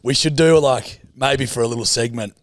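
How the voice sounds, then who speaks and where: A man's voice: medium pitch, moderate pace, dry recording, studio quality. A man co-hosting a podcast in casual chat, teasing and swearing freely. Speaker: podcast co-host.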